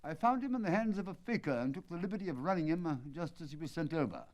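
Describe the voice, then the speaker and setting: Imperturbable detective, quiet and precise, lively pitch, read by a male narrator. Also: quick pace, lightly acted. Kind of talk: dramatic audiobook reading.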